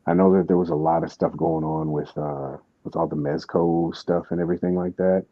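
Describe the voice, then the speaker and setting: A man's voice: rumbling low, flat delivery, a little fast, dry recording, lo-fi sound. A man hosting a podcast, telling a story in casual chat, with lots of restarts and asides. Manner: rambling storytelling with many restarts. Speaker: podcast host.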